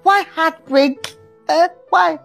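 A wailing heartbroken musician. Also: female voice, very high-pitched, takes it slowly, creaky, fairly bright tone, faint music behind, heavily acted. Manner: wailing, melodramatic, repeats himself. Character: heartbroken broke male musician, dramatic. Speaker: comic actor. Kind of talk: comedy skit acting.

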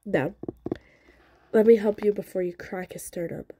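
A woman's voice: mid-range voice, normal speed, mellow, a little hiss or hum, close to an everyday voice. A woman reading aloud from a novel, giving the lines of a bold, teasing young soldier woman in an urgent, exasperated way.

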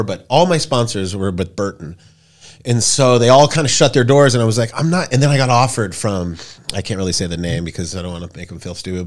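A man in his forties, a podcast guest, tells stories in a casual, rambling and profane way, jumping into loud high voices when he quotes people. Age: 40s. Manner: acts out quoted voices with big pitch jumps. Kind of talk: casual storytelling chat.

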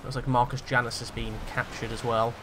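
A man hosting a role-play gaming video, talking in a groggy, monotone way. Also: mid-range voice, fairly quick, noisy background. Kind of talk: role-play game commentary.

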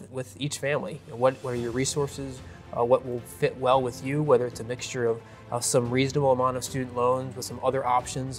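A man, a college dean of admission, talking in an earnest, upbeat way with frequent fillers. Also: medium pitch. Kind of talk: casual promotional chat.

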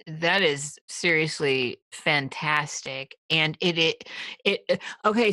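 A woman host with a very low voice asks her questions haltingly and restarts often. The recording is dry and close, with no room sound. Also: fairly bright tone, no room sound. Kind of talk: casual interview.

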